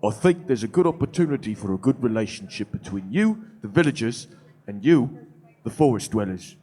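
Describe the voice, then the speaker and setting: A man playing an earnest male knight arguing calmly for mercy. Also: medium pitch, brisk, natural voice.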